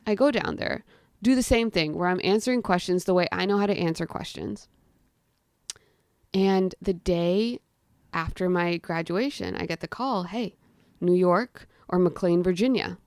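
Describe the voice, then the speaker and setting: A woman's voice: lowish voice, a little slow, no room sound, studio quality. A young woman, a guest telling a story, who talks casually with lots of "like" and acts out what people said. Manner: animated, acts out quotes of herself and others; chatty, frequent "like" fillers.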